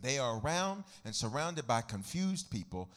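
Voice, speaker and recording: A man preaching a sermon as pastor, swinging from quiet teaching into sung, shouted whooping. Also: very animated, moderate pace. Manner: whooping preacher rising into sung shouts, then dropping low.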